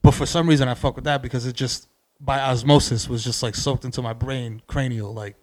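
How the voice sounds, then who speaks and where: A young man telling animated, profane stories on a podcast, wandering off on tangents. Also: medium pitch, brisk. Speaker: podcast guest. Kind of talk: casual podcast chat.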